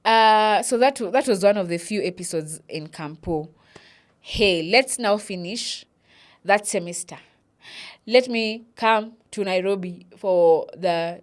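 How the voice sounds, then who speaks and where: A young Kenyan woman with a Kenyan accent, telling a personal story and switching between English and Swahili. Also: medium pitch. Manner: animated, mixes English with Swahili, acts out quotes. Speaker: vlogger.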